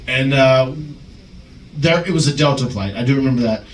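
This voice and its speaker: A man on a podcast telling an animated wrestling story, chuckling and slipping into other people's voices. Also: mid-range voice, normal speed, a little hiss or hum. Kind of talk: casual storytelling. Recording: echoey, distant mic, faint background ambience.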